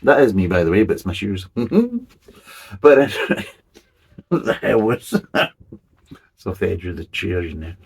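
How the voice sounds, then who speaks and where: Very husky, gravelly low-voiced man. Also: animated, moderate pace, pauses often. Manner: chatty, rambling, swears casually. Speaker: beer reviewer. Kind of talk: casual rambling beer review.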